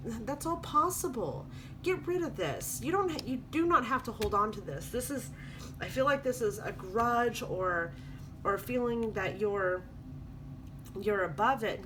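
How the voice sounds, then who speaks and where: A woman's voice: mid-range voice, background noise. A woman doing a spoken tarot reading, coaching viewers in an earnest, repetitive way. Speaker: tarot reader.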